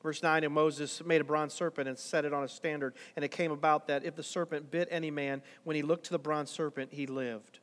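A man preaching a sermon in a dramatic way, swinging between quiet, drawn-out lines and loud, urgent ones. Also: fairly high pitch, level tone, long reverb tail. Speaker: pastor.

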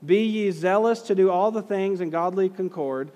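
A man's voice: high voice, normal speed, mellow, in a large hall. A man teaching a class in a conversational way, reading old quotes aloud, stressing key words and putting questions to his students.

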